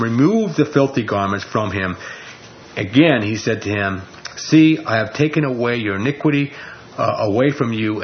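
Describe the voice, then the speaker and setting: In a muffled recording with a touch of hiss or hum, a mid-range male voice teaches a Bible passage one verse at a time. He keeps a conversational tone and checks in regularly by asking "okay?".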